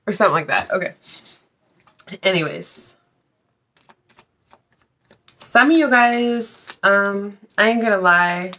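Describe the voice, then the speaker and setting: A woman's voice: medium pitch, animated, takes it slowly, pauses often, pushed and bright. A woman reading tarot in a casual, blunt way, swearing freely and talking straight to her viewers. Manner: blunt, swears freely, breaks into sung lines. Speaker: tarot reader.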